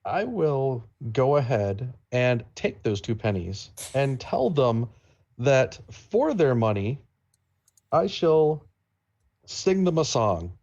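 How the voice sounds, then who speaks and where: A man playing a tabletop game, talking in a hesitant, halting way with many fillers. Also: medium pitch, very animated, a little mellow, lo-fi sound. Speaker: player.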